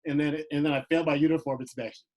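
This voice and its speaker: Young guy rambling, like like like, slightly higher voice, casual vet chat. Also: steady tone, rapid-fire, darkish tone, rough recording. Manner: rambling, many fillers and restarts. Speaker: podcast co-host, Air Force veteran.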